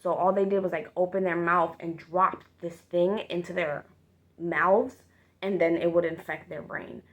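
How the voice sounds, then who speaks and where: A woman's voice: on the low side, fairly even intonation, moderate pace, narrow, tinny audio. A woman casually retelling a vivid dream as a storytime, swearing freely and using lots of fillers.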